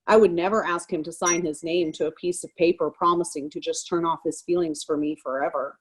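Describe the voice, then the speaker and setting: A wounded wife hides her pain behind jokes and sarcasm, as a woman reads her monologue cold. The voice sits fairly low. The delivery is wry and defiant. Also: husky. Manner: sarcastic, forced laughter over pain. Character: hurt, joking wife refusing a divorce. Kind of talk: reading a stage monologue cold.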